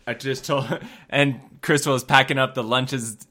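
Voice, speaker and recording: A man's voice: mid-range voice, steady tone, normal speed, pushed and bright. A man in his thirties co-hosting a podcast, chiming in casually and supportively with short agreements. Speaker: podcast co-host. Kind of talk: casual chat.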